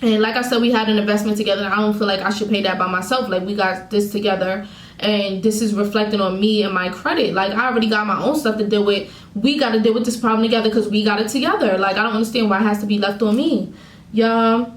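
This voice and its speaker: A woman's voice: medium pitch, steady tone, fast talker, echoey room, poor audio. A woman vlogger venting candidly to her viewers, telling a painful breakup story in her own words. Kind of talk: emotional storytime vlog.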